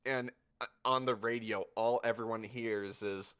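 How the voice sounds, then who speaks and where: A man narrating a tabletop game as game master, describing a battle slowly and vividly. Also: medium pitch, steady tone, fairly bright tone, smooth. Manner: slow, vivid scene narration.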